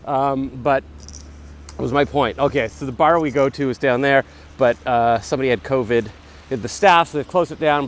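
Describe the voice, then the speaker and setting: Rambling man in his forties vlogging outdoors. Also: medium pitch. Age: 40s. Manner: rambling, self-deprecating, chatty asides. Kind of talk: casual rambling vlog while jogging. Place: outdoors on a city street. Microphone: phone camera held while jogging. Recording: faint street noise outdoors.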